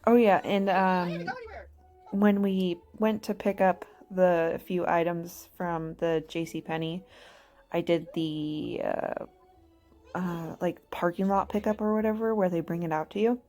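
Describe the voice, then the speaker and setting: A woman's voice: on the low side, fairly even intonation, measured pace, warm tone, faint music behind. A woman in her thirties, a mother chatting casually over her video, rambling and laughing often at herself. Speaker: mother vlogger.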